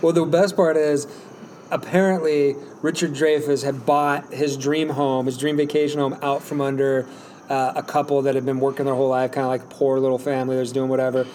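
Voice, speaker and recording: A man's voice: mid-range voice, flat delivery, brisk, darkish tone, slight background noise. A man in casual chat, steadily explaining a movie plot and recounting scenes at length.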